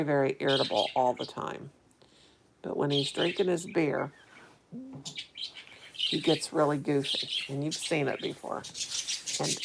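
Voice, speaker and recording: A middle-aged woman with a low-pitched voice and vocal fry rambles chattily on a live stream, reading and answering her viewers' chat. There's background noise behind her.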